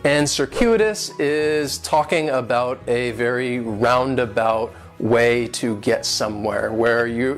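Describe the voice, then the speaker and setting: Man, English lesson, careful syllable-by-syllable explanations, average pitch, faint background music. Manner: clear, patient, spells out syllables and stress. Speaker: English teacher. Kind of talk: vocabulary and pronunciation lesson.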